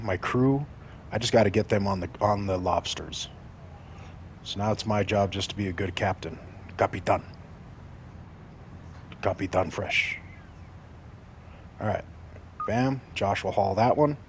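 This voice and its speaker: Joking low-voiced man streaming a game. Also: a little hiss or hum. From Mexico. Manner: joking, chatty, talks straight to chat. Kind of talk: casual gameplay commentary.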